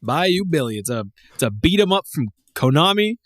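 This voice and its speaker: Man, podcast co-host, casual chat, animated up-and-down pitch, very dry close sound, rambling. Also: normal speed, no echo. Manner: rambling, laughing, swearing, many restarts.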